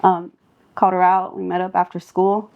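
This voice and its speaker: A woman's voice: on the low side, normal speed, gravelly, narrow, tinny audio. A young woman from Southern California, a singer guest on a podcast, telling street stories in a casual, profane way, laughing often and acting out what people said. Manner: animated, laughing, acts out quotes.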